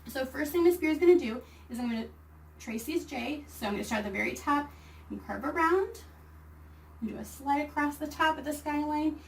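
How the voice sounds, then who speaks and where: A kindergarten teacher giving a virtual reading and phonics lesson, reading each word slowly and clearly for young children. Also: female voice, sits high, animated, recorded from a distance, slight background noise, rough recording. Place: home or classroom, recording a video lesson.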